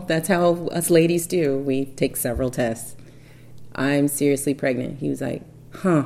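A woman in her thirties casually telling a personal story, acting out the dialogue with animated bursts. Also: low-pitched, unhurried, gravelly.

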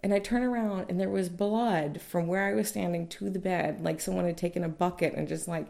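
Young woman with a low, gravelly voice telling a personal story, candid and chatty. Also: steady tone, a little fast, warm tone. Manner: candid, conversational, many fillers. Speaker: mother recounting childbirth.

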